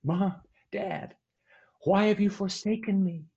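A man voicing a frightened little boy who calls out in a high, plaintive voice. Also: steady tone, takes it slowly, gravelly, warm tone, lo-fi sound, full character voice. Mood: pleading. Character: frightened little boy calling for his parents.

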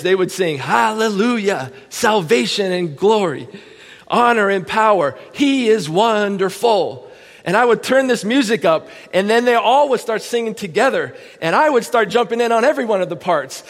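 A middle-aged man speaks to his congregation in a voice pitched a little high, laughing easily as he tells his testimony. His words carry a long reverb tail through the church hall. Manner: emotional storytelling, laughs often. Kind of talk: testimony sermon. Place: church sanctuary.

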